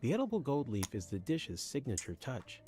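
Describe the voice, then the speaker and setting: An actor voicing a formal, courteous waiter at an upscale restaurant in a game. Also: male voice, medium pitch, huge pitch swings, brisk, dark tone, soft background music.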